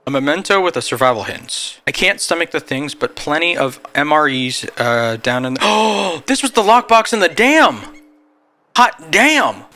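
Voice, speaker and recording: An excitable young man playing a survival game, his voice fairly high and swinging all over the place as he reacts out loud. He talks to himself between calmer narrated recaps. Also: normal speed. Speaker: gaming video creator. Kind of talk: let's-play commentary with voice-over narration.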